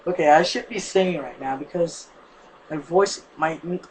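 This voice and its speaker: A man's voice: on the high side, normal speed, a little hiss or hum, rough recording. A man casually reading a fanfic aloud, stumbling and correcting himself, his voice strained from a sore neck. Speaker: fanfic reader.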